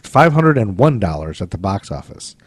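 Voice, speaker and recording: Goofy, lively male podcast host. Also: on the low side, moderate pace, breathy edge, no echo. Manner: goofy, teasing, laughs a lot. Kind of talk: casual banter.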